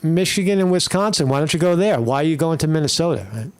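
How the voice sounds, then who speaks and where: Male live-stream host, slightly higher pitch, blunt, profane, rambling. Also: lively intonation, fast talker, a little mellow. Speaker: political commentary streamer.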